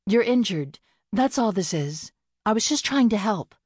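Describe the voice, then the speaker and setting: A woman with a mid-range, expressive, slightly mellow voice, pitched above her natural voice, plays an earnest young farm woman. She speaks a little slowly and kindly, flustered and caring, tripping over her words when nervous. The clean studio sound has no echo.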